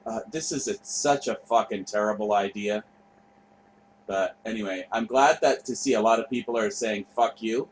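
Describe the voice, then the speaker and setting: A man with a lowish voice speaks at normal speed, hosting a show and talking offhandedly over footage. He rambles, trails off and swears freely, on a rough recording with slight background noise.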